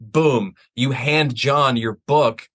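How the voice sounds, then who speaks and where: A man's voice: mid-range voice, takes it slowly, fairly bright tone. A man talking as a guest on a business podcast, chatty and loose, full of "like" and "you know". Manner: casual, lots of "like" and "you know". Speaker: guest, wealth manager. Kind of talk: casual interview.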